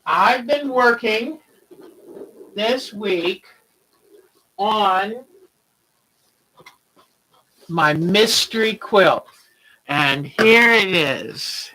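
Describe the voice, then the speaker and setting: A woman's voice: mid-range voice, expressive, very slow, long pauses, pushed and bright, breathy edge, poor audio. A woman hosting a quilting livestream, chatting casually and greeting viewers by name as she rambles along.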